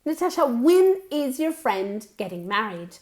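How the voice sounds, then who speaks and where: A woman's voice: fairly high pitch, very animated, darkish tone. Bilingual woman teacher drilling phrases. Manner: repeats phrases slowly for practice, chatty asides. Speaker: English teacher. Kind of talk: bilingual language lesson.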